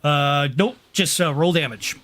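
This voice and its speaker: High-voiced, unhurried man running a tabletop game. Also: a bit bright. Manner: loose, halting narration with acted cries. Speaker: game master.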